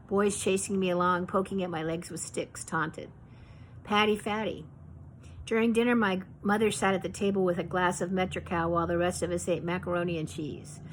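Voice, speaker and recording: A woman reading her own memoir aloud in a measured, reflective way. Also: lowish voice, slight background noise, poor audio.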